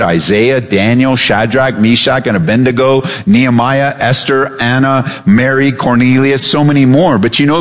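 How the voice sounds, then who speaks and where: A male pastor preaching a sermon in a church, animated and acting out voices. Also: mid-range voice. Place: church sanctuary. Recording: hall reverb.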